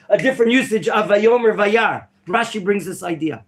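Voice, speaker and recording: A man teaching an interactive Torah class in a classroom, quizzing his students and now and then bursting into theatrical excitement. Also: sits high, moderate pace, hardly any pauses. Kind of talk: interactive Bible lesson. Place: classroom at a yeshiva.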